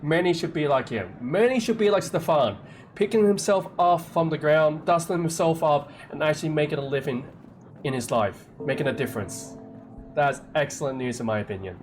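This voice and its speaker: A game streamer chatting live with viewers, making impulsive, animated comments while playing. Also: mid-range voice.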